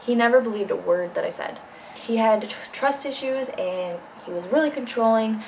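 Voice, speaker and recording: A woman's voice: on the high side, lively intonation, normal speed, vocal fry, slight background noise, low-quality recording. A young woman telling a personal story in a casual vlog, blunt and candid, swearing freely. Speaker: vlogger.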